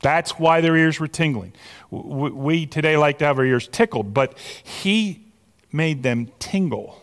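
Pastor guy preaching, kinda high voice, gets worked up and repeats himself, long church echo. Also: unhurried. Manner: animated, repeats words when building to a point. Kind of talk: sermon. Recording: long hall reverb.

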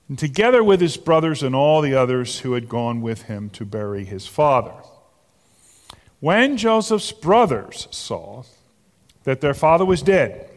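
A man preaching a sermon as pastor, slow and emphatic, rising to animated exclamations. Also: mid-range voice. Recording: long reverb of a large hall.

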